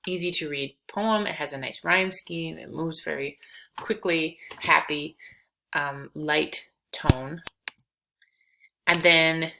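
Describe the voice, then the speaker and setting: A woman's voice: deep voice, vocal fry, pushed and bright, low-quality recording. A woman teaching a poetry lesson, reading verse aloud and then explaining it casually with fillers.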